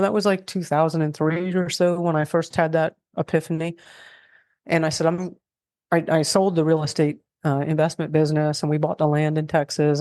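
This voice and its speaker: A middle-aged woman talking casually as a guest, animated and rambling with many restarts. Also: low-pitched, no room sound, clean studio sound. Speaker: guest expert on food self-reliance. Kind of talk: casual interview talk.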